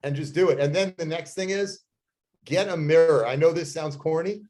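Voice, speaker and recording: A man's voice: on the high side, brisk, darkish tone. Intense plain-spoken man giving sales advice. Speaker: guest speaker, real estate agent. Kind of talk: motivational sales talk.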